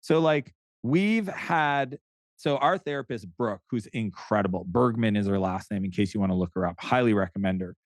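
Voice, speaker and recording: Animated middle-aged man from Canada, dry sound. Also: lowish voice, moderate pace, dry recording. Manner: animated storyteller who acts out quoted dialogue, frequent restarts. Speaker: podcast guest, entrepreneur. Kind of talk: casual interview chat.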